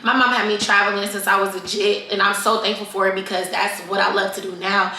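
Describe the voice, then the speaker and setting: Casting note: young woman vlogger, bold and bright, unfiltered and chatty, recorded in a roomy space. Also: medium pitch, fast, few pauses. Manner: candid, profane, animated, addresses viewers as y'all. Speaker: vlogger answering fan questions. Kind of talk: casual Q&A chat to camera. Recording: echoey room.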